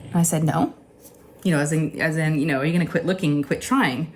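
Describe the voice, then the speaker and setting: A woman's voice: low-pitched, quick pace, a little mellow, a little hiss or hum. A woman in her forties, a craft channel host, telling a candid personal story in a rambling, emotional way from her home craft room.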